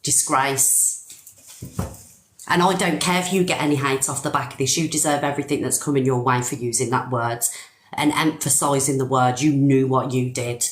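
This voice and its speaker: A woman's voice: very deep voice, fairly even intonation, normal speed, echoey room. A middle-aged British woman hosting a live stream, ranting angrily and emphatically with plenty of swearing. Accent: British English. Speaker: TikTok live host.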